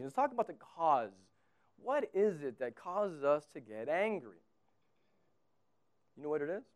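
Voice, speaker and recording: A man from Texas delivers a sermon in a high-pitched voice. His preaching is conversational, rising to loud emphatic bursts and dropping to quiet, low asides. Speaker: pastor.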